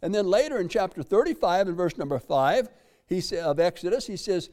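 A man's voice: sits high, expressive, brisk, darkish tone. An older man, preaching a sermon in a folksy way, repeating phrases and reading scripture aloud. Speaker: pastor.

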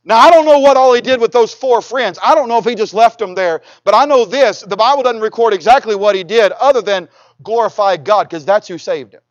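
A man's voice: sits high, brisk, no room sound, dull audio. A man preaching a sermon in a folksy, conversational way, with humorous asides, who reads scripture aloud in old-fashioned wording. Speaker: pastor.

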